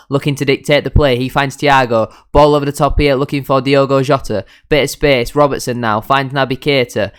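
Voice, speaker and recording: A young man calls a football management game play by play, growing frustrated and hard on his own side. His voice is smooth and clear at a middle pitch, and he talks in a steady gaming-commentary flow. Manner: frustrated, self-critical play-by-play. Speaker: gaming YouTuber.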